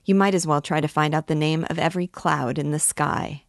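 A woman's voice: sits low, steady tone, a little fast, creaky, dry recording, studio quality. A woman reading aloud as a chatty old noble mother who rambles on, reminiscing.

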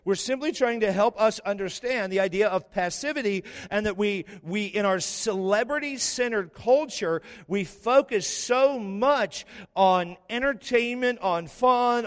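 A man's voice: high-pitched, big-room sound. A man preaching a sermon as pastor, emphatic and impassioned, firing rhetorical questions at the congregation. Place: church sanctuary.

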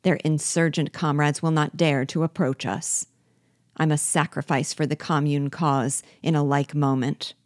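A woman's voice: low voice, fairly even intonation, unhurried, a little mellow, dry recording, studio quality. A woman reading the lines of a pompous, ruthless male colonial general in a declaiming, self-important way.

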